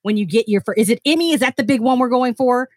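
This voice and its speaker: A woman hosts an interview podcast and encourages her guest with warm praise. She laughs easily and keeps a casual, conversational tone. Her voice is recorded close and dry, with no room echo. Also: fairly high pitch, fast talker.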